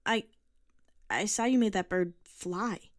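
A woman's voice: medium pitch, brisk, darkish tone, no room sound, studio quality, voice pushed up, lightly acted. A woman voicing a stubborn, curious young girl who stammers but insists. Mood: insistent. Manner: stammering, defiant.

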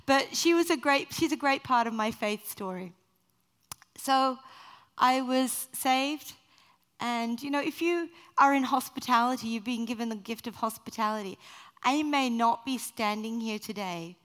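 A middle-aged woman giving a personal testimony as a missionary speaker, animated and self-mocking as she acts out quotes. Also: fairly high pitch, clean tone. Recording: reverberant hall.

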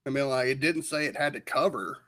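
A man's voice: medium pitch, a little fast, fairly bright tone. A man co-hosting a podcast in casual chat, laid-back and wisecracking, swearing now and then. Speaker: podcast co-host.

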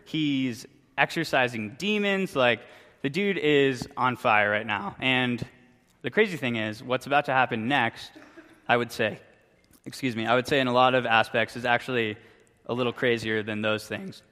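A man's voice: medium pitch, normal speed, bright, forceful tone. A young man, a youth pastor, giving a casual sermon with a chatty, joking story. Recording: long reverb from a hall.

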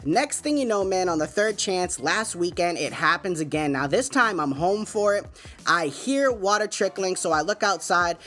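A man's voice: sits high, lively intonation, normal speed, pushed and bright, soft background music. A man hosting his own podcast, telling a story in a laid-back, chatty way, full of fillers and asides. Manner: laid-back, chatty, many fillers like "man" and "you know what I'm saying". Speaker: podcast host. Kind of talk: casual storytelling monologue. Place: home.

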